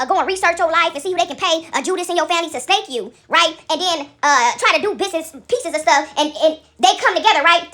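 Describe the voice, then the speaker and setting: A woman's voice: very high-pitched, pushed and bright. A woman vlogger, ranting casually to viewers, emphatic and profane, tagging "right?" onto her sentences.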